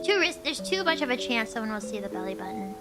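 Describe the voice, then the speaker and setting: Brief: high-pitched woman streamer, giggly rambling storyteller, music playing behind her. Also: sing-song, fast. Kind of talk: casual chat. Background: background music.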